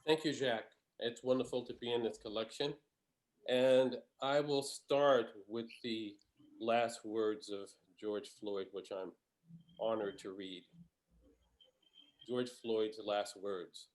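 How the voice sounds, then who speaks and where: A man poet introducing his own work in a measured, earnest way with occasional fillers. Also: fairly low pitch, steady tone. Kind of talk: introducing and reading his poetry.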